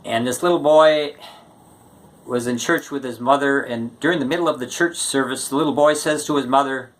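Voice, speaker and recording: A man tells one short joke after another in a relaxed, casual way. His voice sits at an ordinary middle pitch, and he takes his time, leaning on pauses before each punchline. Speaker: joke teller.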